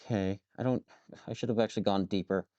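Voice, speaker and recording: A man's voice: fairly low pitch, steady tone, quick pace, warm tone, no echo, muffled recording. A man live streaming as he works with his hands, muttering to himself, swearing freely and joking with his chat. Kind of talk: casual live-stream chat while working.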